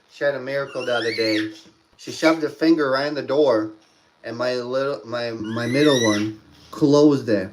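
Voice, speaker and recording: A father with a mid-range voice talks at a moderate pace on a casual livestream, rambling through emotional stories and restarting a lot. The mic is distant, picking up faint room noise.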